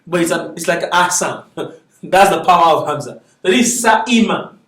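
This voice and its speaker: A man teaching an Arabic class, reading word lists aloud slowly with frequent laughs and chatty asides. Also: high-pitched, lively intonation, a bit bright. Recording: echoey classroom from far off.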